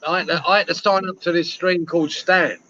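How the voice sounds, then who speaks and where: A man's voice: sits high, fairly even intonation, a little fast, bright, forceful tone. A man living abroad, chatting in a laid-back, matter-of-fact way on a call. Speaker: guest on a call. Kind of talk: casual chat. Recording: dull call audio with faint noise.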